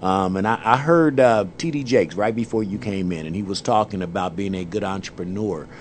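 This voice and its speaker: A man co-hosting a Christian talk show, talking in an animated, emphatic, colloquial way. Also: lowish voice, a little fast, slight background noise. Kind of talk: conversational faith talk.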